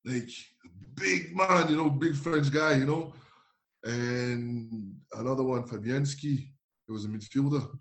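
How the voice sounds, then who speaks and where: Guy doing a lively storytelling bit, laughs a lot, plays all the parts. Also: medium pitch, measured pace. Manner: animated, acts out dialogue with laughs. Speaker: former footballer. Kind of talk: casual anecdote telling.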